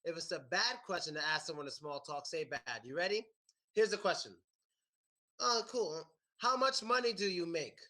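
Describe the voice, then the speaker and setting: An American man teaching a class, animated and repeating his questions to the students. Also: on the high side, moderate pace. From United States. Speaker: English teacher. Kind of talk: classroom lesson.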